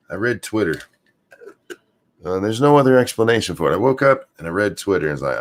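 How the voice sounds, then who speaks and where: Sarcastic rambling male streamer, low voice. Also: expressive, fairly quick. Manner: rambling, sarcastic, crude, many fillers. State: morning voice. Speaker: streamer host. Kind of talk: casual rant stream.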